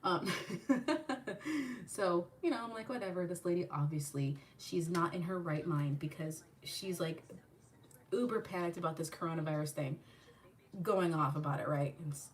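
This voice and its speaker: Animated woman telling a story, slightly distant. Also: lowish voice, moderate pace, a little hiss or hum. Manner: animated, profane, acts out the people in her story. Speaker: channel host. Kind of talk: casual storytelling while doing a makeup tutorial.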